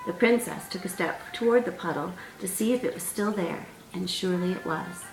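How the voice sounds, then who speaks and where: A woman author reading aloud from her own storybook in a gentle, measured way. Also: fairly low pitch. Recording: roomy sound, distant mic, faint music.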